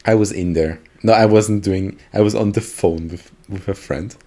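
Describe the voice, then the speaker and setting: A man with a somewhat low voice co-hosts a casual podcast. He tells his stories loosely, stopping often for fillers and breaking into laughs. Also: normal speed, warm tone. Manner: laughing, storytelling with many fillers. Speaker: podcast co-host. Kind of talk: casual chat.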